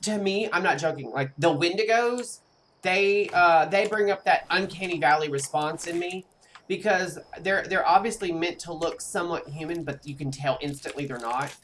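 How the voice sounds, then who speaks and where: A streamer giving live gameplay commentary in a chatty way, speaking straight to viewers and reacting with animated outbursts. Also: mid-range voice, normal speed, a little hiss or hum. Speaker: game streamer.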